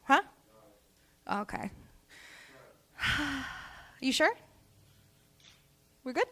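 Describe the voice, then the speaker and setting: A woman's voice: high voice, big pitch swings, extremely slow, a bit bright. A young woman, hosting a comedy cabaret with crude, teasing, rambling banter. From Canada. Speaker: comedy show host. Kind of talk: casual stand-up banter.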